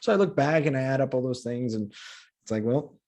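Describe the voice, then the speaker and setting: A man's voice: medium pitch, fairly quick, a little mellow. A man from Colombia who grew up in the U.S., speaking as a comedian guest on a podcast in casual conversation. He talks with passion and repeats words as he builds a point.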